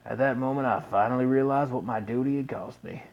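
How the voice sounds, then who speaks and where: A man voicing a grave older father who gave up soldiering, in a lowered, solemn voice. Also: fairly quick, highs cut off, natural voice.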